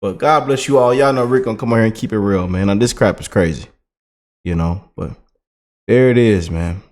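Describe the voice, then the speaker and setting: A man's voice: on the low side, brisk, darkish tone. A man ranting in a casual, repetitive and colloquial way as a political commentary vlogger.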